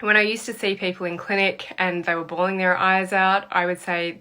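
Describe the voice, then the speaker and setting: A woman's voice: lowish voice, little pitch movement, a little fast, hardly any pauses, pushed and bright, smooth. A woman, a therapist and trainer, explaining emotional processes through an earnest story. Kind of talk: explanatory talk to camera.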